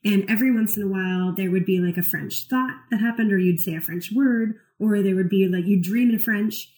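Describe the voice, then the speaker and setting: A woman who works as a therapist co-hosts a casual podcast chat, explaining ideas animatedly and sprinkling in plenty of "like" and "you know." Her voice is medium-pitched, brisk and slightly mellow, though the recording is rough.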